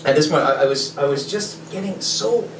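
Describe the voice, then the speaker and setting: Male storyteller, higher register, lively and amused; heard from a distance with room echo. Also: fairly quick. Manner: animated, chuckling, switches between narrating and quoting. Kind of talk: live comic storytelling. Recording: echoey and distant with loud ambient noise.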